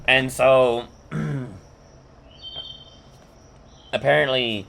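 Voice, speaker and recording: A man's voice: medium pitch, fairly even intonation, drawn-out words, creaky, a bit bright, slight background noise. Rambling, swearing podcast host, a man. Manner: rambling, profane, full of fillers and restarts. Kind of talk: casual episode recap.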